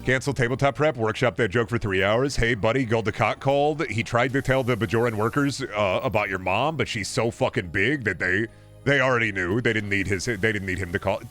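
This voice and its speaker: A man's voice: lowish voice, fairly quick, a bit bright, soft background music. A man streaming a game, chatting casually in a rambling, profane, jokey way.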